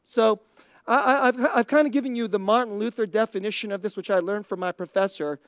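Speaking fairly quickly in a medium-pitched, steady voice, a woman delivers a casual Christian teaching talk. She thinks out loud in a conversational way and frequently laughs softly between points; the recording is dry and studio quality.

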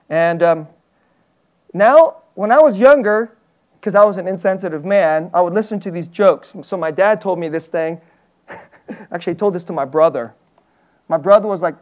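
A man preaching a sermon as a pastor, earnest and animated, often chuckling and stammering as he talks. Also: on the high side, highs cut off.

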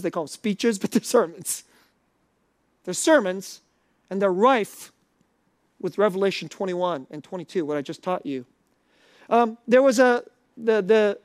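A man's voice: high-pitched, no room sound, studio quality. A man preaching a sermon to a live audience in a conversational, questioning way.

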